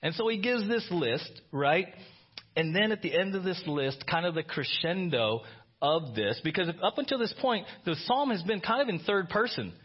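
A man preaching a conversational sermon, animated and often asking his listeners "right?". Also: high-pitched, normal speed, breathy edge, highs cut off. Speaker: pastor.

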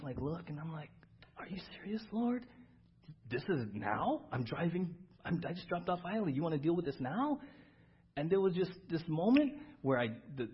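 Pastor, male, husky voice, earnest, repeats himself, muffled lo-fi church audio. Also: a little high. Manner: earnest, repeats words for emphasis. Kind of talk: sermon. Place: church service.

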